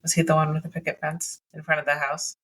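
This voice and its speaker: A woman's voice: low voice, little pitch movement, fast talker, fairly bright tone, breathy edge, poor audio. A woman co-hosting a podcast in casual chat, making wry asides. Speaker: podcast co-host.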